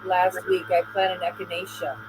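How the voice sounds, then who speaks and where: Female guest caller, earnest and explaining, clear mains hum under her voice. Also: lowish voice, monotone, normal speed, poor audio. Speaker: chat guest. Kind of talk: casual chat. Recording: mains hum on a home mic.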